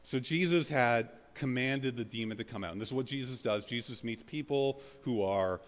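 A man's voice: medium pitch, moderate pace, in a large hall. A man, a pastor, preaching a sermon in a loose, conversational way, full of fillers, with bursts of dramatic scripture reading. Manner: conversational, uses many fillers like "like" and "you know".

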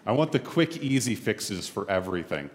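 A man's voice: fairly low pitch, big pitch swings, normal speed. A man in his forties, a pastor preaching a sermon in a casual, joking, self-deprecating way. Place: church sanctuary. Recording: roomy hall reverb.

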